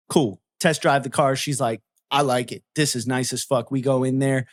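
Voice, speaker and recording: A man's voice: medium pitch, steady tone, moderate pace, hardly any pauses. A man telling a story in casual chat, swearing freely and acting out both sides of a heated argument.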